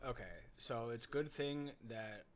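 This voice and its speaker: A man's voice: mid-range voice, measured pace, smooth. A man co-hosting a podcast in casual chat, joking and swearing freely. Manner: animated, joking, swears a lot. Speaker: podcast co-host.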